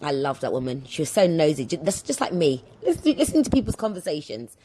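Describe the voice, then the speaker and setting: A woman's voice: sits low, very animated, fast talker, dark tone, a little hiss or hum. A young woman hosting a casual solo podcast, telling rambling, digressive stories in a chatty way. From London. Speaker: podcast host.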